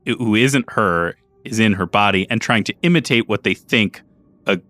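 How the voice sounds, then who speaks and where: A man's voice: fairly low pitch, normal speed, a bit bright, no room sound. A man playing a tabletop game, thoughtfully explaining a theory to the others. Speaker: player.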